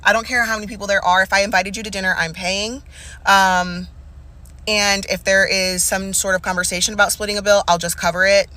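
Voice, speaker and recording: A mother in her thirties lays out her list to camera plainly and bluntly, dropping casual swears along the way. Her voice has a bright, sharp edge. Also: mid-range voice, flat delivery, brisk. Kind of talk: list-style vlog to camera.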